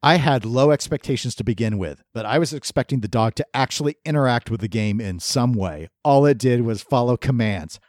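A man's voice: mid-range voice, brisk, few pauses, darkish tone, dry recording, clean studio sound. A man co-hosting a podcast in casual chat, joking and laughing often. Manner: joking, laughs often, acts out silly quotes. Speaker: podcast co-host.

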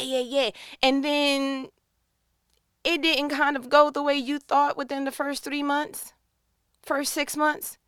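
A woman giving an animated, playful faith-based motivational monologue, speaking straight to the listener as if on a phone call. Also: sits high, no echo, clean studio sound.

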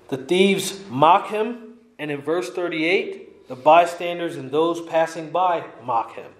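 A man's voice: a little high, slow, echoey room. A man preaching an expository sermon, emphatic and repeating his key lines for weight.

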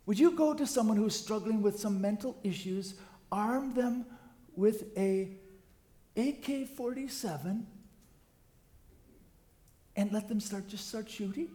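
An older man preaching a sermon as pastor, swinging from quiet asides to loud emphatic peaks. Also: sits high, animated, unhurried, pauses often, reverberant.

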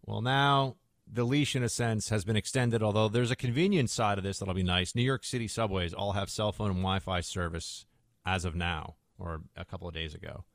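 A man's voice: lowish voice, steady tone, a little fast, no room sound, clean studio sound. Chatty, sarcastic male radio host. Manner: chatty, sarcastic, rambling asides. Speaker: radio talk show host. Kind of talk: casual radio monologue.

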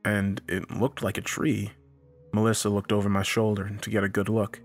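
Deep-voiced man narrating a horror tale. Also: monotone, soft background music. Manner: dramatic, measured storytelling.

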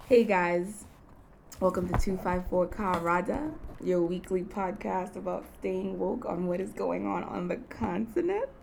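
A woman's voice: on the low side, expressive, unhurried, vocal fry, a little mellow. Young woman from kenya doing her solo podcast, chatty and giggly, lots of you-know's, faint hiss behind. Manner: chatty, laughs often, lots of fillers like "you know". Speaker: podcast host. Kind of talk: casual solo podcast chat.

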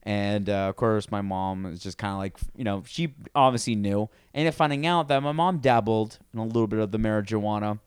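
A man's voice: lowish voice, fairly quick, hardly any pauses, clear, resonant tone, no room sound, clean studio sound. A man in his thirties co-hosting a podcast, telling casual stories and acting out quotes with some swearing. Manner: storytelling, acts out quotes with swearing. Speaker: podcast co-host.

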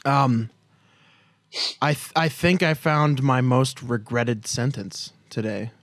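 A man's voice: mid-range voice, takes it slowly, fairly bright tone. A young man co-hosting a casual movie review podcast, rambling, profane and self-mocking. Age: young adult. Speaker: podcast co-host.

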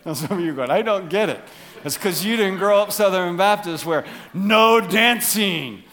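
A male pastor delivers a humorous sermon in a church sanctuary. His voice sits a little high for a man. He swings from animated punchlines down to quiet, reflective asides. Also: normal speed. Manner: jokey, animated, drops to soft asides.

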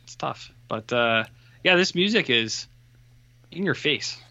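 A man's voice: medium pitch, measured pace, dry recording, highs cut off. A man co-hosting a casual film podcast, telling stories with laughs and swearing. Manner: animated storyteller, swears, laughs. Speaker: podcast co-host. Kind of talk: casual film review chat.

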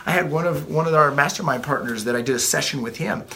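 Bright-voiced blunt male life coach. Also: a little high, quick pace. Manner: blunt, swears freely, repeats words. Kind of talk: motivational talk.

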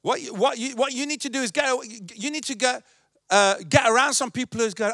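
A man's voice: extremely high pitch, fairly quick, creaky, fairly bright tone, no echo, clean studio sound. A male pastor preaching a sermon, emphatic and repetitive.

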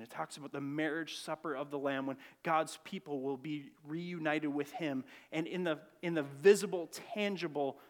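A man preaching a sermon, reading scripture with rising emphasis and then dropping into quiet reflection, in a church sanctuary. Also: on the high side. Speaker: pastor. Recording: long church reverb.

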